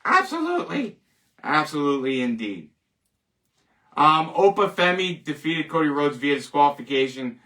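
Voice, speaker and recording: A man's voice: on the high side, moderate pace, bright, forceful tone, recorded from a distance. A man hosting a casual solo show, rambling, joking and laughing at his own jokes. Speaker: host. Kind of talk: casual solo wrestling commentary.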